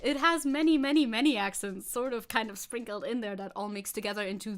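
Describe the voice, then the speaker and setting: A woman's voice: fairly high pitch, a little fast, few pauses. A young woman from Germany chatting casually on a live stream, rambling and giggling as she reads and answers chat. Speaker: VTuber streamer.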